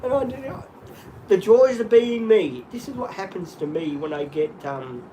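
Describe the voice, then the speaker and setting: A middle-aged Australian man rambling through animated stories in casual chat, often laughing. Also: sits high, moderate pace, rough recording.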